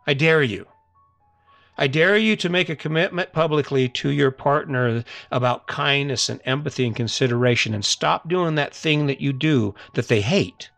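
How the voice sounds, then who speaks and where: An earnest middle-aged podcast host, his voice a little high and fairly bright, delivers a motivational monologue on a dry close mic. He coaxes his audience and repeats his challenges.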